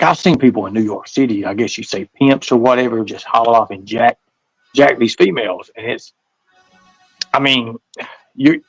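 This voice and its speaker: A man's voice: mid-range voice, no echo, dull audio. A man from the American South with a Southern accent, a guest telling stories in a casual interview, rambling and repeating himself. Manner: rambling, repeats words, acts out voices in stories.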